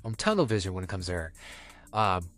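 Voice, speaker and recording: A young man chats openly on a podcast about his own dating life, his pitch rising and dipping freely. Faint music sits under his voice. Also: fairly quick. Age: young adult. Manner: frank, personal, lively ups and downs in pitch. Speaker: podcast co-host. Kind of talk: casual podcast chat.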